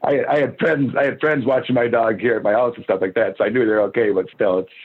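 A man's voice: mid-range voice, steady tone, fast talker, husky. Man talking over a tinny phone line. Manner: rambling, restarts sentences often. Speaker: dog boarder and pet sitter. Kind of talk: casual chat.

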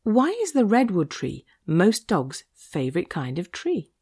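A woman's voice: fairly low pitch, sing-song, measured pace, noisy background. A woman hosting a podcast, reading scripted commentary in an opinionated way with sarcastic asides. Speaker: podcast host.

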